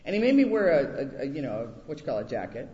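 A man preaching a sermon, telling a personal story and acting out quoted voices with lively pitch jumps. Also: fast talker. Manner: animated, acts out quotes in high voices. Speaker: pastor. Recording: echoey hall, dull lo-fi sound.

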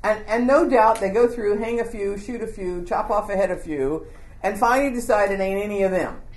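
A woman teaching a Bible lesson to a group, telling the story in an informal, animated way and asking the group questions. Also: mid-range voice, a little fast, roomy sound.

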